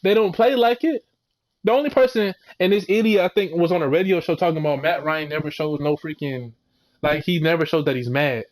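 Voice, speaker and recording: Young male fan ranting a game recap: fairly high voice, heated, rambling, profane. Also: fairly quick, darkish tone. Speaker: sports fan video creator.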